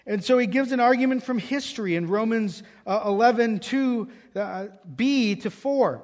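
A man's voice: very high voice, normal speed, darkish tone. A man preaching a sermon, telling a scripture story and raising his voice when he quotes it. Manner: storytelling, quoting scripture with raised voice. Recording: long hall reverb.

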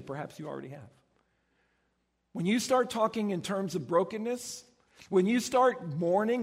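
A man preaching a sermon as a pastor, telling stories in an animated way and acting out the voices of the people in them. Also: high voice, slightly rough, in a large hall. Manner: animated storytelling, acts out voices.

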